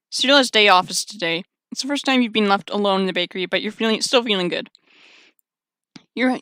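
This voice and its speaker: A woman's voice: mid-range voice, sharp tone, clean tone, no echo. A woman streamer reading a dating visual novel aloud, chatty and wry with sarcastic asides.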